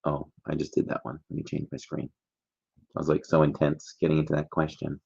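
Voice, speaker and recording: A man's voice: rumbling low, monotone, fairly quick, vocal fry, darkish tone, slightly rough, highs cut off. A man hosting a casual trivia livestream, chatty and jokey, rambling between questions.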